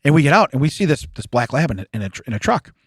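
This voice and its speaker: Animated, fast-talking man telling stories. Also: medium pitch, slightly rough, no room sound, studio quality. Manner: animated, laughs often, acts out quotes. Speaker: podcast co-host. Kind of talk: casual storytelling chat.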